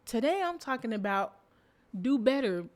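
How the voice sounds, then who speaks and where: Animated woman telling a story. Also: fairly high pitch, normal speed. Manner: animated, laughs loudly, lots of "like" fillers. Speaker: podcast host. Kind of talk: casual storytelling.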